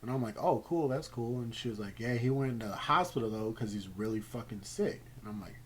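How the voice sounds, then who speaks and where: A man telling a personal story in a casual, rambling way, halting often and swearing freely. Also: mid-range voice, a little hiss or hum, low-quality recording. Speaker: gaming channel host.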